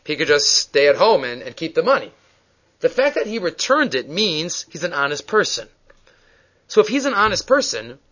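A man's voice: high-pitched, pushed and bright. A man teaching a Torah class, telling stories and acting out the dialogue with Hebrew phrases mixed in. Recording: dull lo-fi recording.

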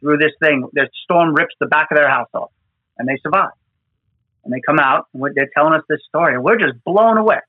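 A man's voice: fairly high pitch, fairly quick, no room sound. Earnest man on a tinny phone-like line. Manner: earnest, emotional, repeats words while telling stories. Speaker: disaster responder with New York fire department team. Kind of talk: conversational storytelling.

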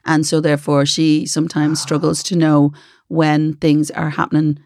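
A woman's voice: low-pitched, monotone, normal speed, darkish tone, no echo, clean studio sound. A middle-aged Irish woman co-hosting a podcast in casual, laughing chat. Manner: chatty, laughing, reads listener letters aloud. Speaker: podcast co-host.

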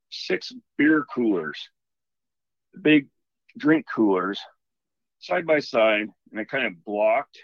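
A man calling in to tell a story in a casual, animated, rambling way. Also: fairly low pitch, dry recording, dull audio. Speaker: caller telling a ghost story.

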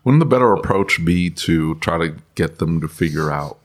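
A man's voice: deep voice, expressive, normal speed. A man co-hosting a live podcast at a trade conference, asking direct questions and laughing at his own lines. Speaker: podcast co-host. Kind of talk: casual live podcast chat.

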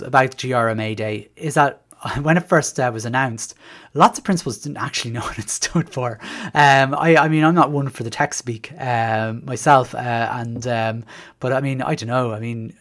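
A man's voice: mid-range voice, normal speed, a bit bright. An Irish man, a teacher hosting a podcast, talking in a rambling, sardonic monologue full of restarts. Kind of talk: casual monologue.

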